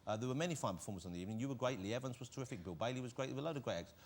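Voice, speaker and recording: Quick, animated host. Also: male voice, medium pitch. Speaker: talk show host. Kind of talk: chat show banter.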